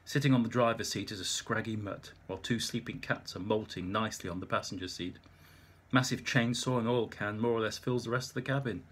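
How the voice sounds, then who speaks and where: A man's voice: lowish voice, fairly quick, fairly bright tone, slightly rough. A man narrating an audiobook in the first person, with wry, dry humour.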